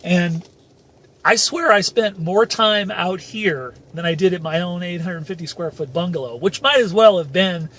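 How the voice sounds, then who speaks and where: A man hosting a motivational channel, telling a personal story emphatically while touring a neighborhood outdoors on a handheld camera, with rambling "and, uh" pauses. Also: high voice, a bit bright. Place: outdoors, moving through a residential neighborhood. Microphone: handheld camera filming as he goes.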